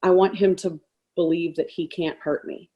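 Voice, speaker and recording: A woman, a lawyer in a trial skills workshop, explaining her practice in a thoughtful, measured way. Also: lowish voice, fairly even intonation, mellow, dull audio. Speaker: workshop participant, defense lawyer.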